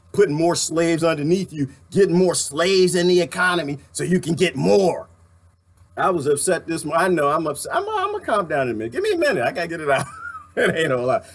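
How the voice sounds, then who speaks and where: A man ranting casually to his viewers, laughing often and swinging between loud and quiet. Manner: animated, laughing, ranting, swings high and low. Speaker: vlogger.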